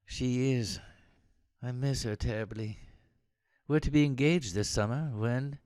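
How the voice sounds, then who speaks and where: A man's voice: mid-range voice, unhurried, a little mellow, no room sound, lightly acted. A man reading the part of a reserved, dry-witted upper-class young soldier in a script reading. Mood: tender.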